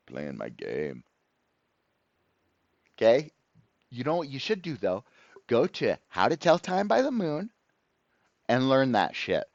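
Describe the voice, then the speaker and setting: A man's voice: medium pitch, a little mellow, no room sound. An exasperated man vents to his viewers, swearing and sneering as he goes. His voice swoops up and down with a lot of movement. It comes through a dry, dull, lo-fi recording with no room sound. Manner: profane, sarcastic, exasperated. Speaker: channel host. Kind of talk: ranting to camera.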